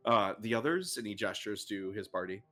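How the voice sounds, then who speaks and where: A woman voicing a polite young male traveler who speaks slowly and hesitantly. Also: very deep voice, expressive, a bit bright, pitched below the performer's own voice, exaggerated voice. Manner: slow, hesitant, full of ums. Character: polite, soft-spoken young man traveler.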